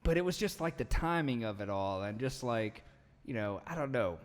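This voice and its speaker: A man with a medium-pitched, expressive voice hosts a casual podcast chat at a moderate pace. He rambles and interrupts himself, leaning heavily on "you know" and "like," and the room gives off a long, echoey reverb.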